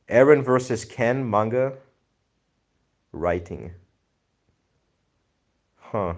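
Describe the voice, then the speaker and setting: A man's voice: medium pitch, animated, slow pace, long pauses. A young man with a Greek accent chatting casually on a live stream, reading viewer comments and thinking aloud in a laid-back, slangy way. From Greece.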